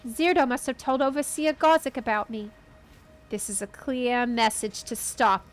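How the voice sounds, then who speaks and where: A woman putting on a goblin accent to read a gruff female goblin worker's lines aloud. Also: a little high, normal speed, soft background music, close to an everyday voice. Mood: earnest. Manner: exaggerated goblin accent, tough slang.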